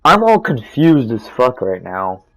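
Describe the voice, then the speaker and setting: A teenage boy talks casually over a game, telling a long story. His voice sits at an ordinary middle pitch, and he rambles, swears freely and restarts his sentences as he goes. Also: very animated, unhurried, a bit bright, rough recording. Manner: rambling, profane, restarts often. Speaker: gaming storytime narrator.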